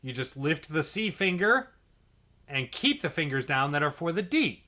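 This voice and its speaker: Male music teacher, encouraging and patient, bright tone, a bit high, demonstrates by singing note syllables. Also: big pitch swings, moderate pace. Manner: patient, encouraging, repeats checks like okay and all right; sings syllables to demonstrate notes. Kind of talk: instructional video lesson.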